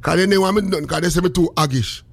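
A man speaking patois in casual chat, rambling and animated with a sing-song lilt. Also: sits high, racing, no echo.

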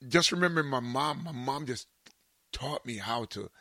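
A man with a Jamaican accent hosting a show in casual chat, telling animated stories and slipping into patois. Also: mid-range voice, normal speed, no room sound. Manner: animated storyteller, slips into patois. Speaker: show host.

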